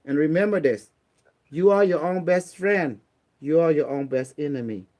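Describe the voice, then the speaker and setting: A man's voice: on the high side, moderate pace, mellow. A man from Cambodia giving blunt, streetwise, preachy advice in a casual motivational talk. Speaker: online talk host.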